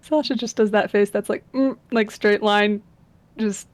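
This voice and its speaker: A woman's voice: medium pitch, steady tone, measured pace, a little mellow, no echo. A woman player in a tabletop game, describing her character's reactions with wry humor. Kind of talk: tabletop role-play chat.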